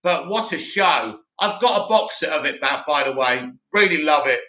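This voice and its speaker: A man hosting a live stream, chatting casually and answering viewer comments in an animated way. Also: fairly high pitch, moderate pace, echoey room. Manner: chatty, animated, mocks a dramatic voice.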